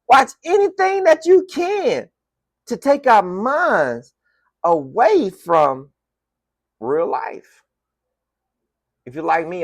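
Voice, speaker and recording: A Floridian man in his forties with a Southern US accent hosts a casual sports podcast monologue from a home room decorated with team gear. His medium-pitched voice has no room sound, and he's animated and emphatic, repeating phrases for effect.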